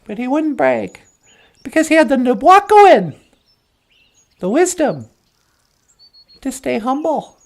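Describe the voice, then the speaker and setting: A woman's voice: sits high, slow pace, long pauses. A woman narrating a folk tale and then chatting playfully as co-host. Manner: lively, playful. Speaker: storyteller and co-host.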